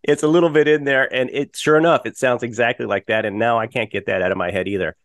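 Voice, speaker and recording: A man's voice: medium pitch, steady tone, quick pace, a bit bright, no echo. Male co-host, mid-range voice, chatty storyteller, dry booth sound. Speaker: podcast co-host. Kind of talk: casual recap chat.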